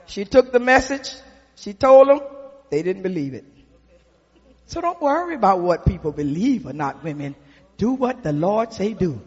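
High-voiced preacher in a reverberant hall. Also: male voice, lively intonation, slightly rough. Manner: preaching that builds to shouted emphasis; folksy, drawn-out delivery with repetition. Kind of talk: sermon. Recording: dull recording with long hall reverb.

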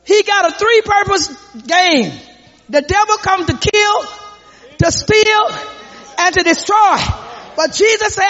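A man preaching a fervent sermon, often shouting and calling out to the congregation for responses. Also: very high-pitched, slow. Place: church sanctuary. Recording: echoey hall, dull lo-fi sound.

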